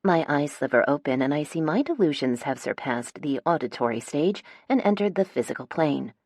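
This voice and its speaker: Woman, low voice, audiobook narrator, wry first-person storytelling, dry close studio sound. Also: lively intonation, normal speed, darkish tone, dry recording. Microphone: close studio mic.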